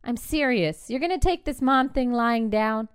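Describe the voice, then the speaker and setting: Blunt grown daughter in a story reading, higher and sharp-edged, pressing questions, read by a woman. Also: lively intonation, normal speed, clear, resonant tone, lightly acted. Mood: frustrated. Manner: pointed, challenging questions. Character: young adult daughter, blunt and frustrated.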